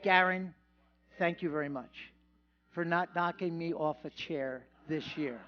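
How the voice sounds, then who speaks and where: A man's voice: fairly high pitch, a little slow, lo-fi sound, soft background music. A man giving a humorous award acceptance speech at a banquet, telling a self-deprecating story with jokes. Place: banquet hall.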